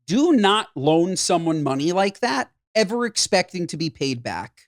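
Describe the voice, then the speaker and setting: A woman's voice: fairly low pitch, big pitch swings, unhurried. Blunt woman co-host giving advice. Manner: blunt, emphatic, rhetorical questions. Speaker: podcast co-host. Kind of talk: casual chat giving advice.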